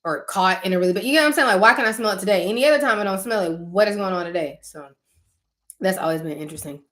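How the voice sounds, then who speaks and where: Animated woman telling a story to viewers. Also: medium pitch, racing. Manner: animated storytelling, acts out own reactions; uses casual slang, talks directly to listeners. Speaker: channel host talking to viewers. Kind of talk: casual spiritual chat with viewers.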